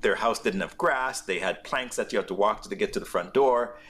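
A man from Jamaica, a guest in an interview, telling his story in a reflective, plainspoken way with frequent pauses. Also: lowish voice, a bit bright, slight background noise.

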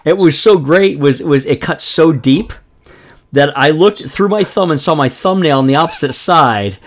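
A man co-hosting a podcast, calmly recounting an old injury with some swearing. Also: fairly high pitch, normal speed. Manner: matter-of-fact, profane. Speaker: podcast co-host. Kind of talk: casual chat.

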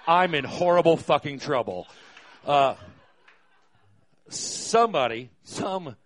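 A man's voice: on the high side, expressive, slow pace. A man, a concert venue manager, telling a live stage story in a wry, profane way, hesitating often with fillers.

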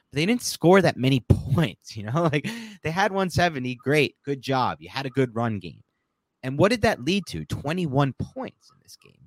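A man co-hosts a sports podcast, talking in a casual, opinionated way with quick asides. His pitch swings widely as he gets going, and the sound is dry and close to the mic. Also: no room sound. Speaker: podcast co-host breaking down football film.

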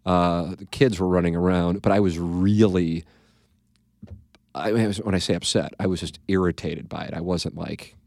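A man's voice: low-pitched, steady tone, normal speed, creaky, darkish tone, dry recording. A man hosting a podcast in casual chat, rambling and profane, trailing off into asides. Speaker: podcast host.

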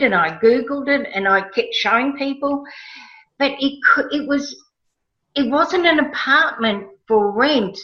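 A woman telling a personal story in a casual interview, animated and emotional, acting out her own past words. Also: fairly high pitch. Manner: animated, emotional, quotes herself with rising excitement. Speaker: guest. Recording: roomy, slightly dull sound.

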